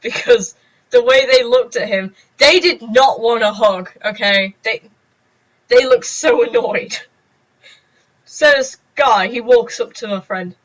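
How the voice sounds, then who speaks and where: A woman's voice: fairly high pitch, slow pace. A young woman chatting in a rambling, giggly, self-mocking way on a casual story-time vlog. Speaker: vlogger. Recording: dull lo-fi recording.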